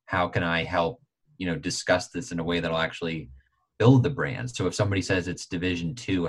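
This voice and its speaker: A man hosting a sports podcast, talking in an animated, exasperated casual chat. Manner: animated, exasperated, quick to jump in pitch. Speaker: podcast host.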